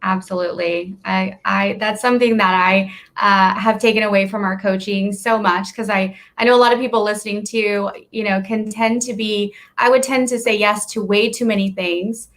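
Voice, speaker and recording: A woman hosting an interview, speaking in a quick and conversational way as she shares her experience and asks her guest questions. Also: mid-range voice, fairly even intonation, fairly bright tone. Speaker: host. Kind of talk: casual interview talk.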